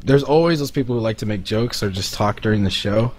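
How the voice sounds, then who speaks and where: A man co-hosting a casual podcast, telling lively stories and mimicking other people in high voices while playing a video game. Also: fast. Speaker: podcast co-host.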